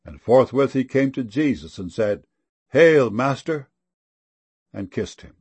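A man giving a solemn scripture reading, with measured, deliberate phrasing and slow, emphatic stresses. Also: lowish voice, lively intonation, darkish tone, breathy edge.

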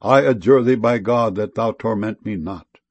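A man's voice: fairly low pitch, moderate pace, darkish tone, slightly rough, no room sound. A man reading the words of a tormented man possessed by a spirit, pleading in archaic speech.

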